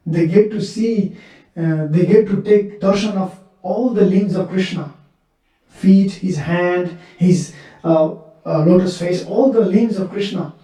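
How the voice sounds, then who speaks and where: A man voicing a lovesick young village girl, in a slow, wistful way, recorded far from the mic in an echoey temple hall. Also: high voice, dark tone. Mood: longing.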